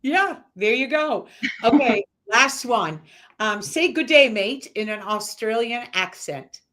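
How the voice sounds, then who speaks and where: A woman hosting a live-stream interview, firing quick questions in a bubbly, teasing way and laughing often. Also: on the high side, a bit bright. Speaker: host.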